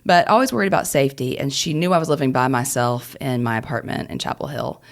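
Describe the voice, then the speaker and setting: A woman lawyer co-hosting a podcast, telling an animated story with laughs and restarts. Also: extremely low pitch, quick pace, gravelly. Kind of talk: casual storytelling chat.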